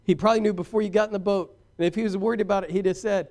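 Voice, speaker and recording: A man preaching a sermon as pastor, swinging from shouted points to hushed asides and talking directly to his congregation. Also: high-pitched, fairly even intonation, rapid-fire.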